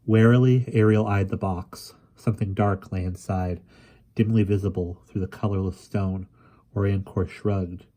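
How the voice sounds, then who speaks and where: Low voiced guy reading a fantasy book out loud, mellow and dark, steady pace. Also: unhurried. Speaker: reader. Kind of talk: audiobook narration.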